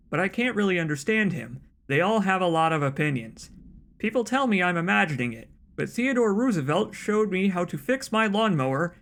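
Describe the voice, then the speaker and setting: A man's voice: sits high, a bit bright, pitched above the performer's own voice, heavily acted. A man doing a solemn eccentric letter-writer. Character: earnest eccentric man hearing spirit guides.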